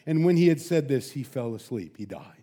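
A man preaching a sermon, emphatic and animated, with loud peaks, soft drops and casual rhetorical asides. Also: medium pitch, fairly quick. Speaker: pastor.

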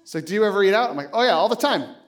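A man in his late thirties preaches with a high, bouncing voice that swings widely in pitch. He tells stories animatedly, acting out both sides of a conversation and laughing easily as he goes. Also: rapid-fire, a faint crowd. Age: late 30s. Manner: animated storytelling, acts out both sides of the dialogue; laughs often while speaking. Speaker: pastor. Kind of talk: sermon.

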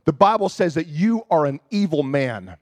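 A man voicing an indignant male churchgoer who stubbornly insists the speaker is evil, in a lower, quieter voice than his own. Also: very animated, moderate pace, dry recording. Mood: accusing.

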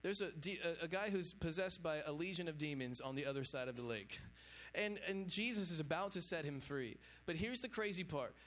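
A brisk, somewhat bright voice on the high side belongs to a pastor preaching casually to young adults. The sermon is chatty, full of fillers along the lines of "you know what I'm saying."

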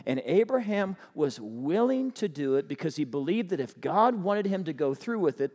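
Animated high-voiced male preacher. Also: in a large hall. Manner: animated, humorous, full of rhetorical questions. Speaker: pastor. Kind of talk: sermon.

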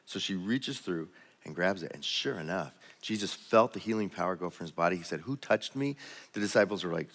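Male pastor, deep voice, conversational sermon, church hall reverb. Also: moderate pace, fairly bright tone. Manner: conversational, storytelling, with repeated restarts. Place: church auditorium.

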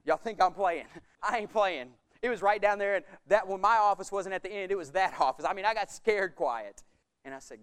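A middle-aged man preaching a sermon from the pulpit, acting out quoted voices and swinging from loud to hushed as he talks. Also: high-pitched, lively intonation, normal speed, smooth. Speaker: pastor.

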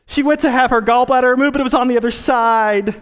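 A man delivering a sermon as a pastor, dropping to quiet asides and rising to loud, emphatic points. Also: steady tone, quick pace, smooth, in a large hall. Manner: swells from low, quiet asides to high, emphatic preaching.

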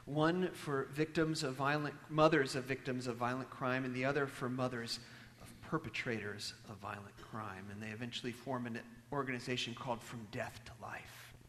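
A man delivers a sermon as a storyteller, his voice at an ordinary middle pitch. He pushes some lines out loudly and lets others fall to a near-whisper. A long reverb hangs on his words, as if from a large church. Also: steady tone, normal speed, hardly any pauses, a little hiss or hum. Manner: storytelling, swings from loud emphasis to hushed near-whispers. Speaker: preacher.

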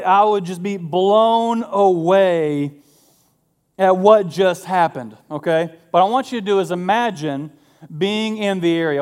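A male pastor reads scripture and preaches in a relaxed, conversational way. His voice sits a little high and sounds smooth and resonant. He breaks in with jokey asides to his listeners. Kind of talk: sermon.

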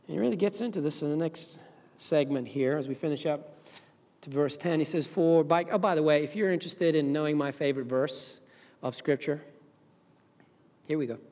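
Preaching Zimbabwean pastor in an echoing church. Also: male voice, a little high, moderate pace. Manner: swings from loud preaching to quiet, earnest talk. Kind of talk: sermon. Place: church sanctuary. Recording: long reverb of a church hall.

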